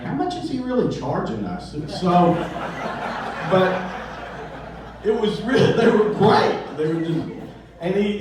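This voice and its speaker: A man who owns a comedy club, telling stories and jokes at a memorial in a rambling, halting way full of restarts. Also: fairly high pitch, a little mellow, slight background noise. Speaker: comedy club owner giving a eulogy. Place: memorial gathering hall. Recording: roomy echo, speaker far from the mic.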